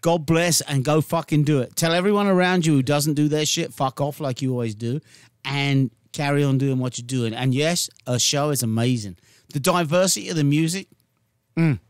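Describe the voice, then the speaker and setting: A man's voice: fairly high pitch, normal speed, clean tone, no room sound, studio quality. A British man, a musician guest, in casual radio banter full of swearing. His accent has gone partly American. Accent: British English, partly Americanized. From England. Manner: profane, laid-back banter.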